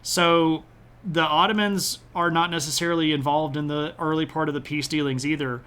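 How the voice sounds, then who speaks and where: A man's voice: on the high side, fairly even intonation, moderate pace, bright, forceful tone, smooth. A man giving a casual, chatty history lecture on a live stream, with frequent "uh" and "um" fillers. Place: home streaming setup.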